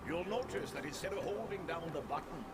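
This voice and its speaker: A man's voice: fairly high pitch, expressive, a little fast. An actor playing a folksy old male mentor in a video game, coaxing and fatherly, calling the hero laddie. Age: older. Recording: game audio under loud noise.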